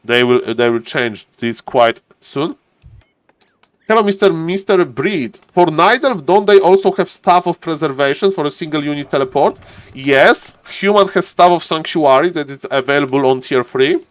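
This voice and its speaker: Man, non-native English accent, live game commentary, chatty, slightly high voice, greets chat. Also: animated, moderate pace, dry recording. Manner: chatty, greets chat viewers, repeats "ladies and gentlemen". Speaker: game caster and streamer.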